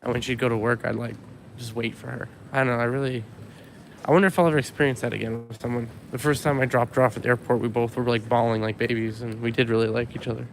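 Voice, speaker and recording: A man's voice: medium pitch, little pitch movement, quick pace, gravelly, rough recording. Young guy from winnipeg walking and vlogging, says like a lot, traffic noise all around. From Winnipeg, Canada. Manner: rambling, lots of likes and ums, swears casually. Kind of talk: casual walking vlog monologue. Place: outdoors on a city street. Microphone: handheld camera rig while walking. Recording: street noise and passing cars. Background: city traffic.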